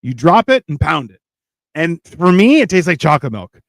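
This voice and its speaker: A man's voice: a little high, sing-song, moderate pace, creaky, no echo. Rambling, storytelling man, dry close sound. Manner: rambling anecdotes, acting out quotes with playful voices. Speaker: podcast co-host. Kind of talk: casual storytelling chat.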